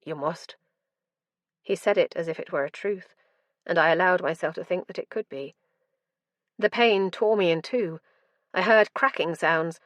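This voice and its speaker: Low-voiced woman narrating a dark fantasy audiobook. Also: normal speed, no room sound, clean studio sound. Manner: dramatic, intense storytelling.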